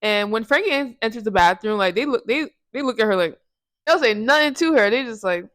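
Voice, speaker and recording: Recapping a movie for her review channel, a woman speaks briskly in a slightly high, fairly bright voice that's animated and free of echo. She wanders casually through it in slang, often catching and correcting herself, restarting and laughing.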